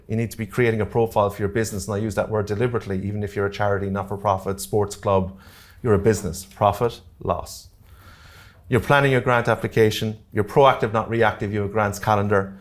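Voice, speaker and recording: A man with an Irish accent presenting a live workshop to a room, talking quickly and jokily and often checking in with "okay?" and "all right?". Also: lowish voice. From Ireland. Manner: fast-talking, jokey, keeps checking in with the audience. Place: community centre meeting room.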